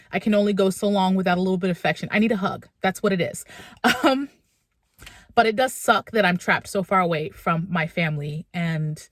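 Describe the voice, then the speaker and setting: A woman's voice: mid-range voice, no room sound. Candid woman vlogging, dry close sound. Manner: emotional, candid venting. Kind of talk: casual personal vlog. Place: in a car, then inside a supermarket.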